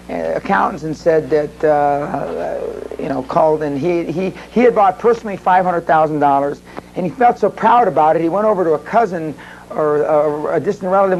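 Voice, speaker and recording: A man addresses a seminar crowd in a fairly high voice, spinning long, rambling anecdotes. He slips into the voices of the people in his stories as he goes. A faint hum of the room sits underneath. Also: darkish tone, muffled recording. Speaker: seminar speaker. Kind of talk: live seminar storytelling.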